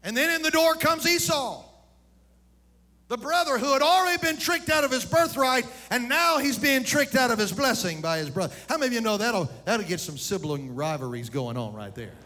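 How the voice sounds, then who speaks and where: Pastor, high voice, animated sermon with shouted peaks and direct address. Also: male voice, normal speed.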